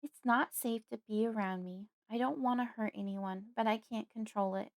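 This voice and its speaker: A frightened five-year-old girl, as a woman narrator puts her on, speaking small and hushed in a horror audiobook. Her voice sits a little higher than the reader's own and sounds dry and close. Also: normal speed, no echo, close to an everyday voice. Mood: fearful.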